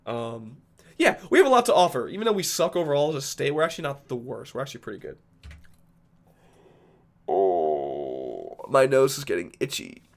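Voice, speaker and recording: A man's voice: mid-range voice, sing-song, fast talker. A man from Rhode Island chatting casually with viewers on a livestream, rambling and joking with a fair amount of profanity. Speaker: streamer.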